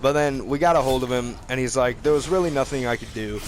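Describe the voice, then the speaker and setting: A man's voice: medium pitch, fast, slight background noise. A young man vlogging, telling a rambling, profane story in casual slang.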